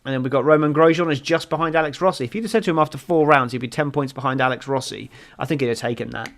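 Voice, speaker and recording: A man's voice: medium pitch, rapid-fire, fairly bright tone. A man co-hosting a casual motorsport podcast, rambling through results with plenty of ums and restarts. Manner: rambling, runs through standings with many fillers. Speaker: podcast co-host.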